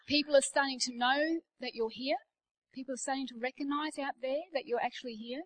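A middle-aged Australian woman delivers a sermon in a church, her voice sitting a little high. She preaches with emphasis and drops into everyday anecdotes as she goes. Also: a little fast, low-quality recording. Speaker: guest preacher.

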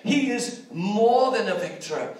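A man with a high voice preaches a sermon, moving from quiet reflection to fervent exhortation. His voice rings through a very echoey space and sits some distance from the mic. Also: lively intonation, slow.

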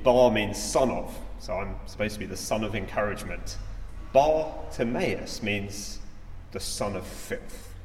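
Guy preaching, chatty and thoughtful with lots of ums, echoey church room. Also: lowish voice. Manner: conversational and reflective, with frequent fillers. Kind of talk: sermon. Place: church hall.

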